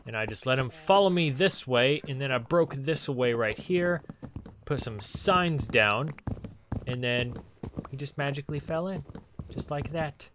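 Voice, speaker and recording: A man's voice: medium pitch, expressive, a little slow, fairly bright tone, slight background noise. A young man hosting a casual Let's Play, talking to creatures in the game and reacting with sudden panicky outbursts. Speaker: gaming channel host.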